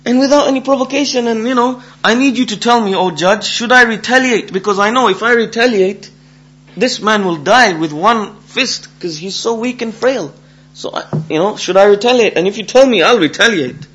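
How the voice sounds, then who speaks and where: A man voicing an angry, indignant young man in a spoken folk tale, shouting his complaints. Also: high voice, normal speed, muffled recording. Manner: shouting, outraged.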